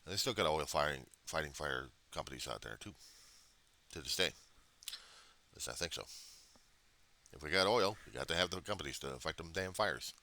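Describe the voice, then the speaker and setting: A man's voice: very deep voice, animated, moderate pace, long pauses, bright, forceful tone. An American man vlogging a rambling, profane history monologue, full of digressions and self-corrections. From United States.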